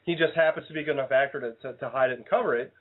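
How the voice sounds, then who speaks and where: Fast-talking man, joking radio co-host. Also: medium pitch. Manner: joking, makes things up as he goes. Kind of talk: casual comedic banter. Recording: phone-like narrow-band audio.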